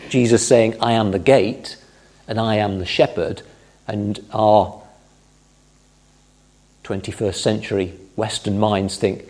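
A man preaching a Bible-teaching sermon in a calm, explanatory way, stressing key phrases. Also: fairly low pitch.

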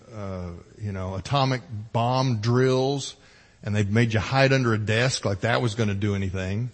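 A middle-aged man delivers a sermon with a slightly husky, breathy voice. He preaches emphatically, swelling louder on key points and dropping low and quiet on others. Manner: emphatic preaching, rising and falling in volume and pace. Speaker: pastor.

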